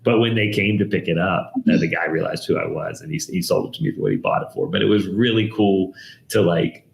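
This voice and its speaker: Low-voiced male expert guest, animated anecdotes, roomy echo. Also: fast talker, gravelly. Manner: animated storyteller, acts out quoted voices. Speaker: guest, downsizing expert and TV host. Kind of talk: casual interview storytelling.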